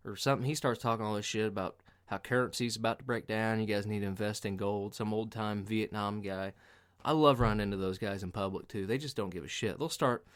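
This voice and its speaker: A man's voice: lowish voice, a little fast, fairly bright tone. Profane rambling male storyteller. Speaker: podcast host. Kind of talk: casual comedic storytelling.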